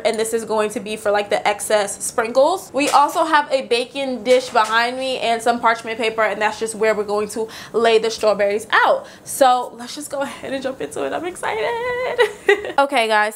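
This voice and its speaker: Chatty, excitable young woman vlogging. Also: a little high, a little hiss or hum. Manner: chatty, excitable, self-narrating. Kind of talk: casual kitchen vlog. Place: home kitchen.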